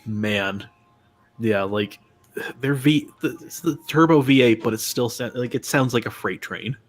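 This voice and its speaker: A man's voice: mid-range voice, a little slow, faint music behind. A man hosting a casual live stream, chatting loosely with many fillers and restarts. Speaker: stream host.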